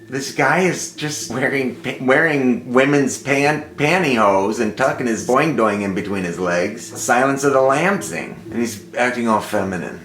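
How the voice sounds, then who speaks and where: A man's voice: fairly high pitch, a bit bright. Crude, exclamatory man in an echoey room. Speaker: movie reviewer. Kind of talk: casual running commentary. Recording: echoey room, faint background noise.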